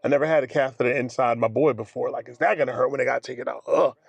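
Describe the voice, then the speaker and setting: A man telling a personal story casually to his viewers in an animated way, acting out other people's lines as he goes. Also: mid-range voice, fast, vocal fry, breathy edge, no echo. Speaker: vlogger.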